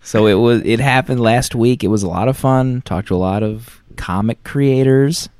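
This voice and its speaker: A man's voice: medium pitch, moderate pace, a little mellow, clear, resonant tone, dry recording. A man in his thirties, a podcast co-host, chatting casually and rambling through anecdotes with many restarts. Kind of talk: casual chat.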